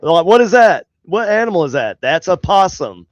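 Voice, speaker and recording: High-sitting and very animated, this man's voice moves at a normal speed through a muffled recording with no room sound. Co-hosting a podcast with headphones on, he bickers in casual banter, cursing often and tripping over his words.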